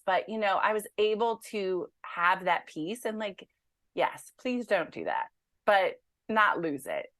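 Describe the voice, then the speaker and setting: A woman author talking as an interview guest in a chatty, animated way, with a lot of "like" and "you know". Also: medium pitch, measured pace, dry recording, clean studio sound. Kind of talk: casual interview conversation.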